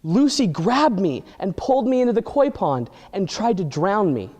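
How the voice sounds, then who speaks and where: A man's voice: high voice, big pitch swings, normal speed, a little mellow. A man voicing an upset young sister pleading to be believed, in a reverberant hall.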